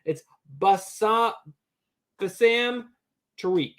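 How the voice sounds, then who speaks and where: A man co-hosting a casual livestream chat, talking in animated, defensive bursts that jump to loud exclaiming. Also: high voice, drawn-out words. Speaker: co-host.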